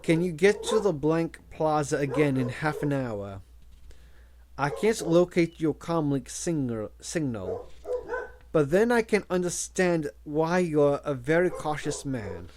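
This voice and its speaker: A man's voice: on the high side, expressive, a little slow, background noise. A man reading the part of a wary male caller speaking over a comlink, terse and guarded.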